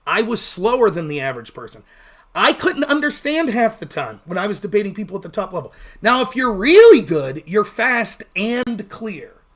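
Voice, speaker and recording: Livestream host, male, high-pitched, rapid and blunt, swears freely. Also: sing-song, fairly bright tone. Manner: fast-talking, blunt and profane. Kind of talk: casual livestream commentary.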